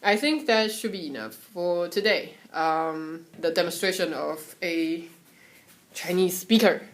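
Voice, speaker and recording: A young woman from Taiwan giving a casual, chatty lesson on Mandarin tones at home, sometimes singing syllables to show the pitches. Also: measured pace. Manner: relaxed, chatty, breaks off to soothe her cat; sings syllables and solfege to demonstrate tones. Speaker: Mandarin tone teacher.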